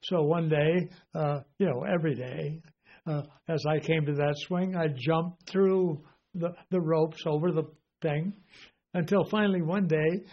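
An older man preaching in a relaxed, folksy way, wandering through stories with plenty of "uh" and "you know". His voice sits a bit high for a man. The recording sounds dull and lo-fi. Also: unhurried. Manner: rambling, folksy, many fillers. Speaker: Bible teacher. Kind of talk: informal sermon.

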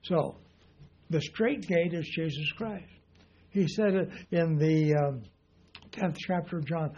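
A man's voice: a little high, slow pace, pauses often, a little mellow, slightly rough, highs cut off. An older man preaching a conversational sermon in a folksy, rambling way, full of "you know" asides.

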